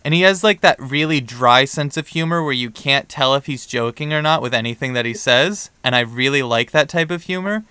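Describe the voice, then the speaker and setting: A young man co-hosting a podcast, telling a story in a casual, animated way and acting out the dialogue. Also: medium pitch, brisk, hardly any pauses, smooth, no room sound. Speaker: podcast co-host.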